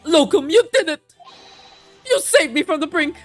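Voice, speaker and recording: Brief: female streamer doing a flamboyant, jittery game character who gushes in breathless alliteration, pitched high. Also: very animated, normal speed, faint music behind. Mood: ecstatic. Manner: gushing, alliterative outbursts. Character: excitable, theatrical Japanese man abroad. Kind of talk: reading a visual novel aloud.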